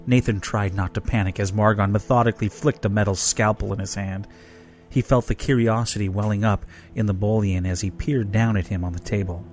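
A man reading a fan roleplay story aloud in a steady, measured way. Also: on the low side, faint music behind. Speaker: story reader.

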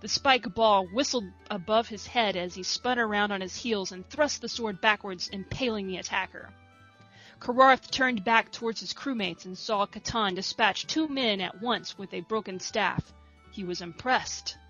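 A woman reading a story aloud in a soft, steady narration. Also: medium pitch, normal speed, dull audio, faint music behind. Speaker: reader.

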